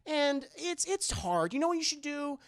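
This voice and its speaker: Man playing a gentle dad, soft and reassuring, gravelly voice, lively pitch. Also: normal speed, no echo, studio quality, heavily acted. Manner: soft, reassuring, talking to a child. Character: gentle, soothing adoptive father.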